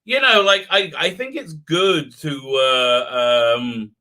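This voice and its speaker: Guy rambling on a livestream, very bright voice, lots of ums and restarts, reads the chat, mic level jumps around. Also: fairly high pitch, slow. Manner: rambling, many fillers and restarts; chatty, reads out viewer comments. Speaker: livestream host. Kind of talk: live-stream chat with viewers. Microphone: desk mic with unsteady level.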